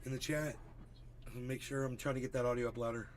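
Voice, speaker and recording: A man's voice: mid-range voice, fairly even intonation, fast talker, a little hiss or hum. A man hosting a casual livestream, chatty and a bit distracted as he greets viewers by name while fixing his settings. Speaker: livestream host.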